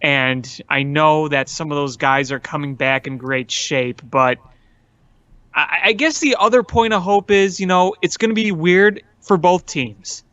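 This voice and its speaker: A chatty man riffing on sports with a co-host, laughing easily. His voice sits a bit high, and the recording is dull, lo-fi and dry. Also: a little slow, sharp tone, no room sound. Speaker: podcast co-host. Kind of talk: casual sports talk chat.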